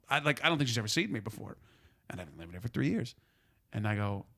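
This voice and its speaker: A man's voice: mid-range voice, fast, fairly bright tone, dry recording, studio quality. A man co-hosting a podcast, telling a rambling story in casual chat and acting out the people in it between laughs. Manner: rambling, laughing storyteller who acts out quotes. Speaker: podcast co-host.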